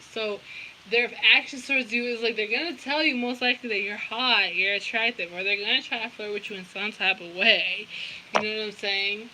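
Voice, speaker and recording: A woman's voice: a little high, fairly even intonation, moderate pace, pushed and bright, slight background noise, rough recording. A young woman giving a casual tarot reading, blunt and profane, with lots of slang. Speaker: tarot reader.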